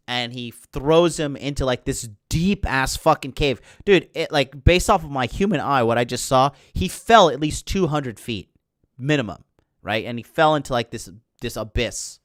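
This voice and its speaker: Indignant, foul-mouthed podcast host. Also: male voice, medium pitch, unhurried, no room sound, clean studio sound. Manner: animated, indignant, heavy swearing and fillers. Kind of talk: casual profane movie recap.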